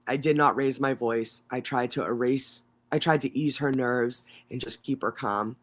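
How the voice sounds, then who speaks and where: A man's voice: mid-range voice, moderate pace, few pauses, a bit bright. A man co-hosting a livestream, reading trial testimony aloud and breaking in with mocking, profane asides. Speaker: livestream co-host.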